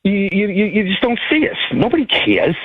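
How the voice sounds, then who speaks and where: A man calling in to a talk radio show, his voice a little high. He repeats words and restarts as he insists on his point. His voice is thin and narrow, like a phone line. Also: very animated, fairly quick, a crowd in the background. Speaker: first-time caller. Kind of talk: radio call-in.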